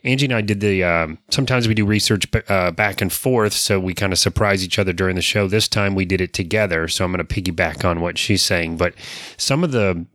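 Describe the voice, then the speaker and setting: A man's voice: sits low, fairly quick, hardly any pauses, fairly bright tone, no echo, studio quality. A man co-hosting a casual podcast, talkative and self-deprecating, with frequent fillers and restarts. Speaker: podcast co-host.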